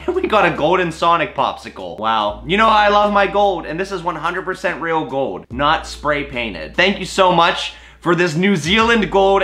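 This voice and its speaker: A young man casually chatting and joking as he opens and reads fan mail aloud, with sudden high squeals. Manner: animated and jokey, with sudden high squeals and mock-gruff asides. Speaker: YouTuber opening fan mail. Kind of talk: casual vlog chat, reading letters aloud.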